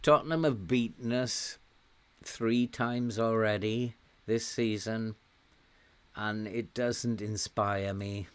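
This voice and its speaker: A middle-aged man from Wales with a softened Welsh accent, chatting casually and laughing often as he streams a game to his viewers. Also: lowish voice, fairly even intonation, smooth. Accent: softened Welsh, with some American words. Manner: slow, chatty, laughs often while talking. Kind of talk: casual live-stream commentary.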